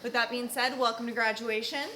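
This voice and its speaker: A woman's voice: on the high side, steady tone, brisk. A woman hosting a graduation ceremony at a treatment center, announcing upbeat and rallying the audience. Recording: echoey room with background noise.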